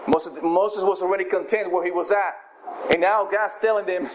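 A high-pitched man preaches a sermon in a loose, conversational way, retelling scripture as if chatting. His speech restarts often. A faint hiss of background noise sits under the recording. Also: fairly even intonation, moderate pace, rough recording.

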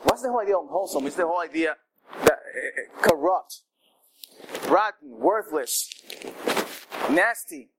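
A man preaching a sermon in a conversational, animated way, with asides to the congregation. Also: fairly high pitch, normal speed, long pauses, very noisy.

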